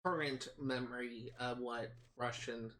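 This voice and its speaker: A man's voice: medium pitch, fairly even intonation, measured pace, a bit bright, low-quality recording. A man streaming a video game, chatting casually in a rambling, hesitant way with many fillers and restarts. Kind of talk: casual commentary while gaming.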